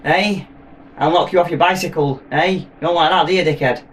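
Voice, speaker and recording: A man's voice: a little high, steady tone, a little fast, fairly bright tone, far from the mic, a little hiss or hum, natural voice. A man voicing a huge male sea monster, cocky and taunting, with a raised voice. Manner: cocky, mocking, swearing.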